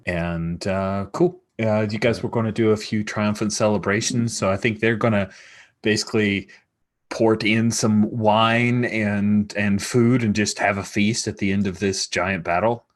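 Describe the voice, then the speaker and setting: Low-voiced man running a tabletop game. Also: a little slow. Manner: relaxed, hesitant narration with fillers. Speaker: game master.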